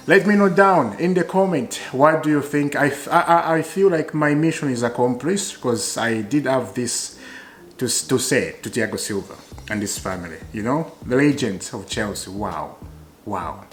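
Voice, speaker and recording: Emotional male football fan vlogger. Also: mid-range voice. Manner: emotional, repetitive, swings between loud and quiet. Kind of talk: casual fan commentary to camera.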